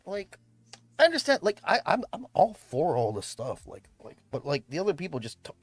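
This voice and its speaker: A man's voice: on the high side, huge pitch swings, fairly quick, slightly rough, dry recording. A young man from the Philippines, chatting on a livestream in a rambling way, full of fillers and restarts. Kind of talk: casual livestream chat. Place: home room, tidying up. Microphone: streaming mic.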